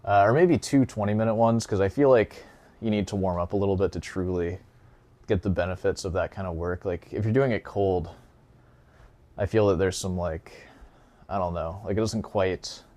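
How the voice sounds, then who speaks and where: A young man with a deep, darkish voice speaks at a moderate pace and a steady tone, hosting a casual solo podcast as a guitar teacher. He rambles and jokes with plenty of fillers, sounding slightly out of breath.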